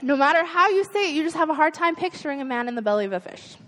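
A woman delivers a sermon in an earnest, conversational tone, leaning on rhetorical questions. Her voice sits a little high. A long reverb trails behind her words, as in a large hall. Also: lively intonation, very fast, fairly bright tone. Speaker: preacher.

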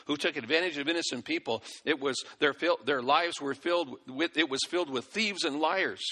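A man's voice: on the high side, normal speed, sharp tone. A man voicing earnest pioneer settlers describing the town they left, heard with a long hall reverb.

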